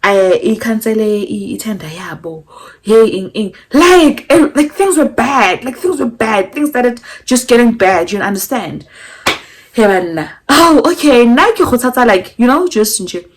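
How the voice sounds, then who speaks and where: A young South African woman with a South African accent, chatting casually through a storytime and switching between English and Zulu. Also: a little slow. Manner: animated, acts out quotes with pitch jumps. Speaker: vlogger.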